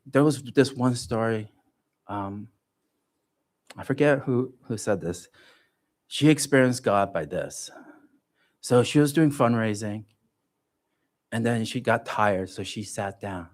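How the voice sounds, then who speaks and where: A man giving a personal testimony at a church livestream, telling his story in an animated way and joking about himself. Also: on the low side. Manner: animated storytelling, self-joking, laughs often. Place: church gathering.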